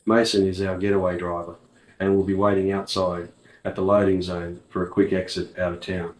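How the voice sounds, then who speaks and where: A man's voice: low-pitched, level tone, brisk, darkish tone, lightly acted. A man voicing a brash male crew leader in an audiobook, blunt and bossy. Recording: roomy, distant mic.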